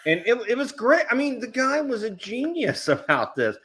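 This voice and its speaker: A man chatting casually on a group video chat show, telling animated stories, acting out the people he quotes and often restarting his words. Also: extremely high pitch, moderate pace. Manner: self-interrupting, repeats words.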